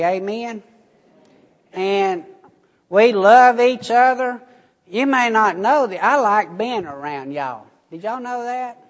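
A man preaching a sermon to his congregation, telling a story in a folksy way. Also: high-pitched. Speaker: pastor. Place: church sanctuary. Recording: muffled sound, long church reverb.

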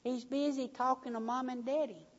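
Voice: sits high, fairly even intonation, moderate pace, pitched above the performer's own voice. A preacher doing a tiny whispering child. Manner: whispering, giggly. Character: small whispering child hiding on the phone. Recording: dull recording, long hall reverb.

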